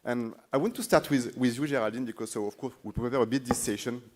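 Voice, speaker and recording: A man with a French accent, speaking English as a second language, moderating a conference panel in a halting way, often repeating words as he searches for phrasing. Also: mid-range voice. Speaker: panel moderator, corporate foresight lead. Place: conference stage.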